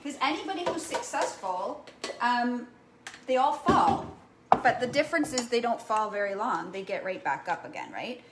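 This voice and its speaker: A woman with a slightly high voice chats away while she cooks, rambling from thought to thought. The kitchen is echoey, and background noise can be heard clearly throughout. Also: animated, moderate pace. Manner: chatty, rambling, frequent "right?" and "like". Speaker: cooking vlogger. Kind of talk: casual chat while cooking. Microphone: camera mic.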